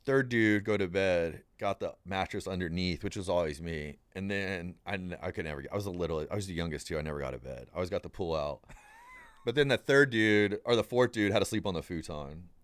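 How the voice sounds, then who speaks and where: Low-voiced man telling a rambling story. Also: brisk, smooth, no room sound. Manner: rambling and animated, acts out quoted voices, says "dude" often. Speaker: podcast guest. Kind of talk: casual storytelling.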